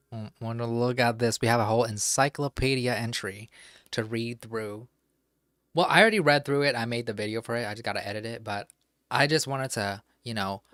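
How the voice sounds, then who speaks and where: A man's voice: medium pitch, fairly bright tone, no room sound, clean studio sound. A man streaming from home who chats casually, rambles to himself, and swears freely. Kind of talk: casual live-stream chat.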